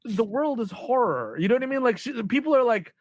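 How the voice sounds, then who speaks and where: A man's voice: extremely high pitch, very animated, brisk, no room sound. Male co-host, casual and rambling, close dry podcast sound. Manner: rambling rants, self-mocking asides. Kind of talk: casual movie review chat.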